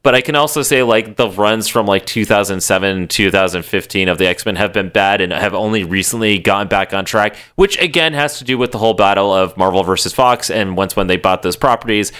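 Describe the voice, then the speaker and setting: A man with a lowish, smooth and resonant voice co-hosts a podcast. He talks in a loose, rambling way, swearing casually and filling his sentences with "like". The delivery is relaxed, everyday chat. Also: a little fast, hardly any pauses. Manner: rambling, profane, lots of "like". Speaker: podcast co-host.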